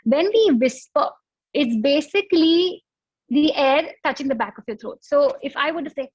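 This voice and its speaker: High-voiced woman teaching yoga breathing. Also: normal speed, darkish tone, no room sound, lo-fi sound. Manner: patient, explains with analogies and demonstrations. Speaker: yoga instructor. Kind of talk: guided breathing instruction.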